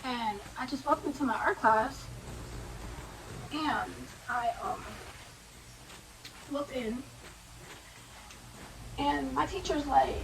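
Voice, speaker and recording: Young woman doing a storytime vlog, high bright voice, kinda far from the mic with faint hiss. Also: slow pace, long pauses. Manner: slangy, animated retelling with quoted asides. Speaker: vlogger. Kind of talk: casual storytime.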